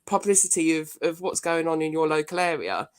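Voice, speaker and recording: A woman co-hosting a community show, speaking in a halting way with repeated words. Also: low voice, lively intonation. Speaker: co-host. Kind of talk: casual chat.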